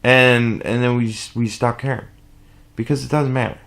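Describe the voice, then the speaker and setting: A man with a gravelly, fry-laden voice rants in a casual reaction vlog. He swears freely and jumps between thoughts with false starts, sounding short on sleep. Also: mid-range voice, fairly quick. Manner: animated, profane, rambling with restarts. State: sleep deprived. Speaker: commentary vlogger.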